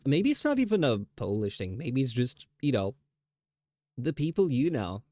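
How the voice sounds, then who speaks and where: A man's voice: medium pitch, huge pitch swings, moderate pace, dark tone, no room sound, studio quality. A man streaming live, chatting casually in a rambling, self-teasing way with laughs.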